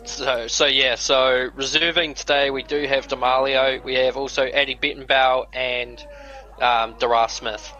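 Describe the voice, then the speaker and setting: Bright-voiced co-commentator. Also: male voice, medium pitch, unhurried, lo-fi sound, soft background music. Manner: casual, relaxed, reads out timing updates. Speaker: sim racing co-commentator. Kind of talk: live esports race commentary.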